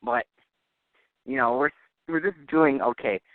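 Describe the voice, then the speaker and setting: A man's voice: mid-range voice, a little slow, no room sound. A man hosting a joking call-in comedy show, mock-serious and teasing, with a cold. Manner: mock-serious, teasing, laughs at his own jokes. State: has a cold. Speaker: host. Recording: tinny, dry phone-line audio.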